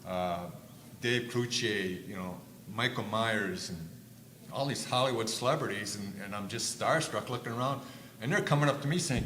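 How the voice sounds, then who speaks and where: Animated older man telling stories in a roomy hall. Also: fairly low pitch, moderate pace. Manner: animated storyteller, acts out quotes loudly. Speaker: panelist. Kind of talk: storytelling on a panel. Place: conference stage. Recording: echoey room with faint noise.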